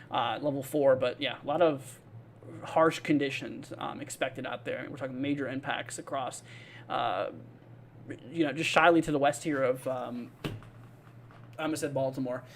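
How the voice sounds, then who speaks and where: A man's voice: mid-range voice, steady tone, fairly quick, fairly bright tone, a little hiss or hum. A man hosting a live weather stream, chatting casually with lots of fillers and answering viewers by name. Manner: rambling, filler-heavy, reads viewer comments aloud; friendly, laid-back.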